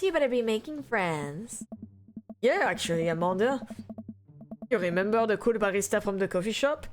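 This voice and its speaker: A woman streamer playing a game live, reading its dialogue aloud and commenting with animated laughter, loud outbursts and swearing. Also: medium pitch, moderate pace, long pauses, faint music behind.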